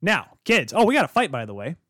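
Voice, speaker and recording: A man hosting a hockey podcast, rambling excitedly and calling his viewers kids. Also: on the high side, fast talker, dry recording, studio quality. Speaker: podcast host. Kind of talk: casual hockey talk.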